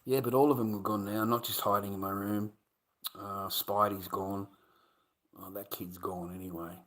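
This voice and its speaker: A man's voice: on the low side, little pitch movement, moderate pace, a bit bright, rough recording. A man with an Australian accent, rambling on a live stream in a coarse, slangy, combative way, often trailing off into mumbles. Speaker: livestreamer.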